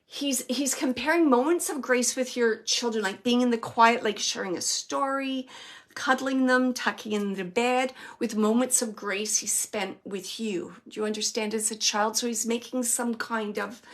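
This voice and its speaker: A woman working as a medium, giving a live online reading from home in a gentle, reassuring way with many fillers and restarts. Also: on the high side, normal speed. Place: home, with a small dog nearby.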